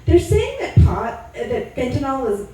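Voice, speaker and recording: A woman's voice: sits high, big pitch swings, normal speed, warm tone. A young woman from Sacramento performing a crude, self-deprecating stand-up comedy set. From Sacramento, California. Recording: echoey room mic'd from a distance.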